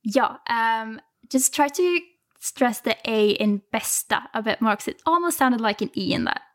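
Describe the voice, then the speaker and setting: A woman's voice: fairly high pitch, moderate pace, a bit bright. A woman whose first language is Swedish, tutoring a learner with patient, encouraging corrections in a casual lesson.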